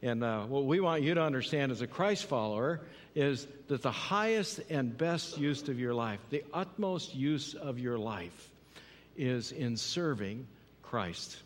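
A man's voice: medium pitch, animated, a little slow. A man preaching a sermon in earnest, often repeating phrases and checking in with "right?". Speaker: pastor. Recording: long hall reverb.

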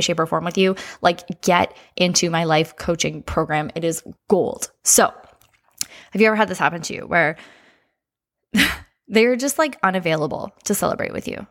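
A woman life coach hosting a casual podcast monologue, energetic and chatty, often saying "like" and speaking straight to her listeners. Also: lowish voice.

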